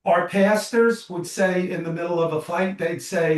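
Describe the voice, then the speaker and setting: A man guesting as a psychologist and author tells stories in an animated, restless way, stumbling through fillers and restarts. His voice sits a little high for a man. It rings in an echoey room and is picked up from some distance. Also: normal speed. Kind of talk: interview storytelling.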